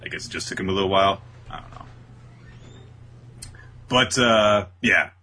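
A podcast co-host with a low-pitched voice summarizes a manga chapter at a moderate pace, his tone bright and forceful. He keeps leaping into the characters' quoted voices on this easygoing talk show, with slight background noise.

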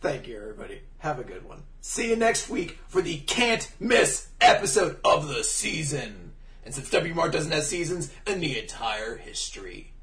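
A man's voice: fairly high pitch, very animated, moderate pace, a bit bright, roomy sound, distant mic. A man co-hosting a casual podcast, crude and hyperbolic, laughing often. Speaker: podcast co-host.

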